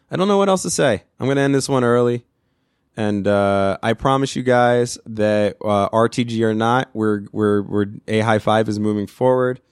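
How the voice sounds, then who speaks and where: A man's voice: fairly low pitch, smooth, dry recording, studio quality. A man from New York hosting a podcast, ranting crudely with constant swearing and rambling restarts. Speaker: podcast host. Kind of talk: profane solo rant.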